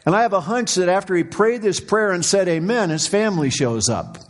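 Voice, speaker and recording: A middle-aged male pastor delivering a sermon, his voice sitting a touch higher than most men's. He moves between hushed, low stretches and fervent, rising cries as he preaches. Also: animated, fairly quick.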